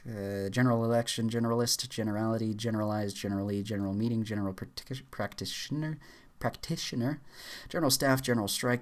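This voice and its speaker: Man speed-reading a word list. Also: fairly low pitch. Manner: rushed word-list reading with stumbles and fillers. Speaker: YouTuber. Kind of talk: rapid dictionary read-aloud challenge.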